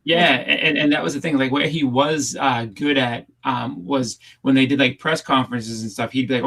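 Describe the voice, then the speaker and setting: A man with a gravelly, creaky voice chats on a livestream panel at a middling pitch. He rambles through anecdotes, stumbling over restarts and fillers as he goes. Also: moderate pace, few pauses, fairly bright tone, low-quality recording. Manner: rambling storyteller with many restarts. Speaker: panel co-host. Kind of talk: casual livestream chat. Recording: home setup over a livestream.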